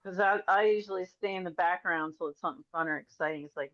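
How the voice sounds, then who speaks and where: A middle-aged woman, a podcast guest, telling rambling, animated stories and acting out the voices of the people in them. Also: on the low side, fast, hardly any pauses, dry recording. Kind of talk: casual storytelling interview. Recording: dry, slightly dull audio.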